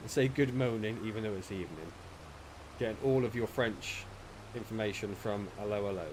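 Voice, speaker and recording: Wry low-voiced man streaming a farm game. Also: normal speed. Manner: chatty, wry, teasing chat replies. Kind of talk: casual live-stream chat while playing. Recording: game vehicle noise behind voice.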